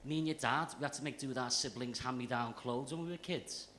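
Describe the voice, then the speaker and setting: A man's voice: mid-range voice, fast, fairly bright tone. Young male stand-up with a Liverpool accent, sweary and brash, on a club stage mic with faint noise. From Liverpool area, England. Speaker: stand-up comedian. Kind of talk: stand-up set.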